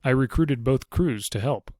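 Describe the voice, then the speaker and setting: A man voicing a spirited, quick-witted young woman who speaks briskly and with a sharp tongue. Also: mid-range voice, dry recording, studio quality, lightly acted. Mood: lively.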